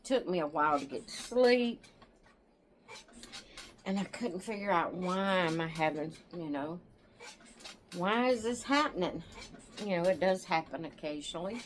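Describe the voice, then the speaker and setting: A tired woman hosting her own channel, chatting to viewers in a rambling, relaxed way and yawning now and then. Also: fairly low pitch, unhurried, pauses often, a little hiss or hum. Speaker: doll channel host. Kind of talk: casual chat to viewers.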